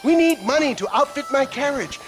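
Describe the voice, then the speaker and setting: A man's voice: very high-pitched, animated, brisk, music in the background, low-quality recording. An actor playing a pompous middle-aged con-man salesman who talks in a flowery, fawning way. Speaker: character in a video game. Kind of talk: video game cutscene acting.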